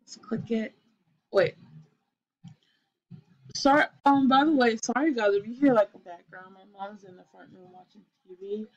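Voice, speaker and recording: A young woman chatting excitedly to her viewers while playing a life-sim game, full of ums and gasps. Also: fairly high pitch, normal speed, long pauses, lo-fi sound. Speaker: gaming channel host. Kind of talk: casual gameplay commentary. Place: bedroom at home, TV in another room.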